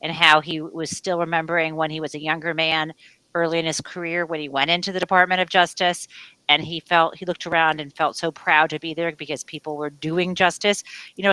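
A woman from the US Midwest, a guest author, explaining her points in an articulate, lively way. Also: low-pitched, no room sound, poor audio. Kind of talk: interview answers.

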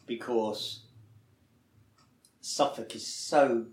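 A man's voice: mid-range voice, slow pace. Guy spinning an anecdote, does little voices for the quotes, laughs a lot, echoey room. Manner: animated storyteller, acts out quoted voices, laughs often. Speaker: actor guest. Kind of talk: anecdotal interview chat.

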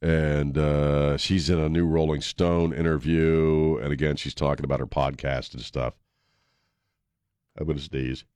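A man's voice: a bass voice, little pitch movement, normal speed, few pauses, a little mellow, clear, resonant tone, dry recording, clean studio sound. A man hosting a talk radio show, joking and laughing in a laid-back way. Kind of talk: casual talk radio banter. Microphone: studio mic.

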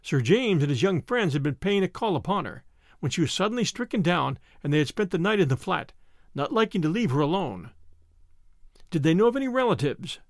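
A man narrating an audiobook in an expressive, clear storytelling manner. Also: on the high side, fairly quick, no room sound, studio quality.

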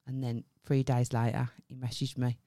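With a rumbling low voice at a moderate pace, a woman co-hosting a podcast shares a story over casual chat. She curses liberally and animates the tale by acting out what people said.

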